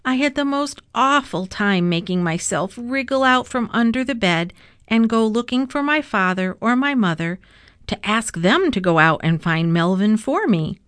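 A woman voicing a calm, dryly teasing old grandfather who tells a story in a storybook reading. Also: fairly high pitch, moderate pace, smooth, dry recording, pitched above the performer's own voice. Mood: storytelling.

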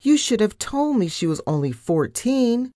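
A woman's voice: a little high, very animated, measured pace, dark tone, no room sound, studio quality, voice pushed up. A woman reading the part of a fussy, flustered grown male mouse who edits a newspaper, in storybook narration. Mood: exasperated. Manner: exasperated, flustered.

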